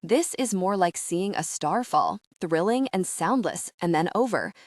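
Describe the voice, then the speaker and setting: A woman reading a first-person audiobook in a soft, measured, intimate manner, recorded close on a studio mic. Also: on the low side, lively intonation, dry recording. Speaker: audiobook narrator.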